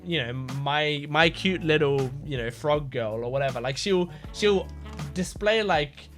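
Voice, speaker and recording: A man's voice: a little high, measured pace, faint music behind. A man hosting a reaction video, talking casually with lots of fillers and restarts. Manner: rambling, many fillers and restarts. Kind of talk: casual talk.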